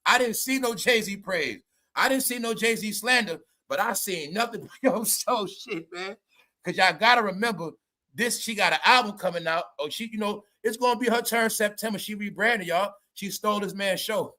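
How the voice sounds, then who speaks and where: Laughing, rambling man with a high voice. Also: normal speed, bright, forceful tone. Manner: rambling, profane, laughs often, stammers. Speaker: commentary vlogger. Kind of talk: casual comedic commentary.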